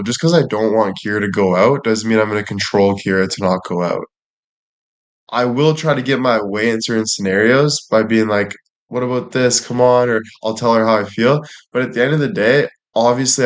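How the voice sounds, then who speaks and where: A young man in loose, crude conversation, talking in circles and breaking into laughter. His voice sits a bit on the low side. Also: fairly quick. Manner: crude, rambling, laughs often. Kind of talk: casual chat.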